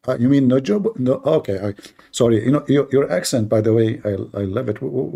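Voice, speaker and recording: Man, debate host, mocking, sarcastic, dark voice, raspy. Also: mid-range voice, lively intonation, fast. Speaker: host of a live debate stream. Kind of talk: live online debate.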